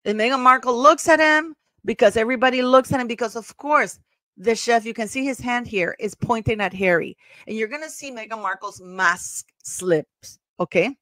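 A woman's voice: on the high side, normal speed, sharp tone, no room sound. A woman hosting a commentary channel, talking casually and emphatically over footage, gossipy and prone to repeating herself.

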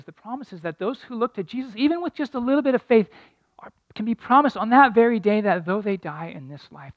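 A man's voice: fairly high pitch, dry recording, muffled recording. A middle-aged man preaching a sermon as pastor, telling a story earnestly and building to emphatic points.

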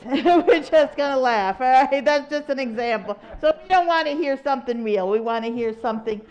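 A woman's voice: high voice, normal speed, hardly any pauses, a little mellow, rough recording. A woman leading a group through laughter exercises, cheerful and laughing often. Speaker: laughter yoga leader. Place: room with a group in a circle.

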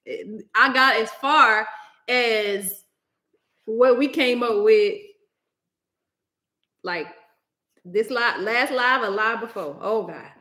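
Bright-voiced chatty woman livestreamer. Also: fairly high pitch, slow pace, pauses often. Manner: chatty, laughing, exclaiming, bursts of singing. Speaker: livestream host. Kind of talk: casual livestream chat. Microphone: laptop microphone.

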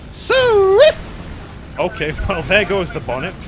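A man's voice: a little high, normal speed, soft background music. A young man streaming a game, chatting and reacting with yelps and laughs. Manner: excitable, swings into loud yelps and laughs. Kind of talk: gaming stream commentary.

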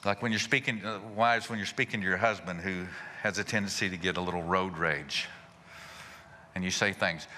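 Man preaching a sermon, folksy, rhetorical questions, bright tone, long church reverb, faint background noise. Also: sits low, normal speed. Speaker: pastor.

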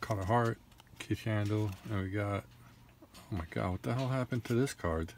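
Young guy ripping card packs, kinda low voice, annoyed and muttering. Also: moderate pace, slight background noise. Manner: rattles off names, frustrated and grumbling. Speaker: card collector opening packs. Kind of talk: casual card-opening commentary.

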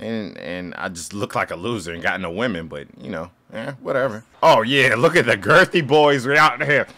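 A young man commentating his own wrestling video game play, with loud, excitable yelling and jokey trash talk. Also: fairly low pitch, normal speed. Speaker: gaming YouTuber.

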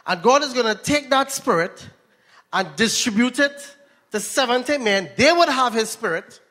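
A Trinidadian preacher delivering a sermon in a fairly high voice, telling a story and putting questions to his listeners. A long hall reverb trails his words. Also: animated, moderate pace, bright, forceful tone. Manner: storytelling, asks the audience questions.

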